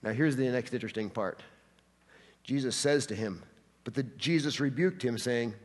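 A man preaching a sermon, acting out quotes with animated delivery in a church hall. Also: mid-range voice, normal speed. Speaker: pastor. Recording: long hall reverb.

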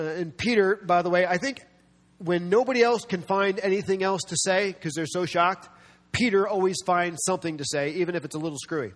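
A man preaching a sermon with a slightly raised pitch, animated and quick to act out the people he quotes. His voice carries a long reverb from a large hall. He mixes in self-deprecating humor. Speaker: pastor.

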